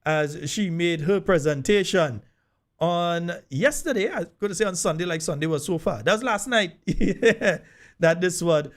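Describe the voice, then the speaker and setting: A man's voice: high-pitched, animated, unhurried. A man hosting a live radio talk show, chatty and loose with many fillers. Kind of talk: casual live radio chat.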